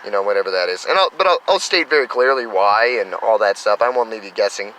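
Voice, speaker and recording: Vlogger, man in his thirties, bright forward tone, meandering and upbeat, outdoors with faint traffic behind. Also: fairly low pitch, lively intonation, fast, poor audio. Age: 30s. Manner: enthusiastic, meandering, spiritual self-talk. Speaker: spiritual vlogger. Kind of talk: rambling casual monologue.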